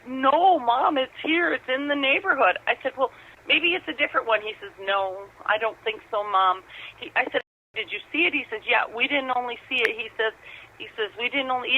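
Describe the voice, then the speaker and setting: Middle-aged lady on a tinny phone line, rambles and restarts, earnest. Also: fairly high pitch. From Upper Michigan. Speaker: caller telling an encounter story. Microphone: telephone.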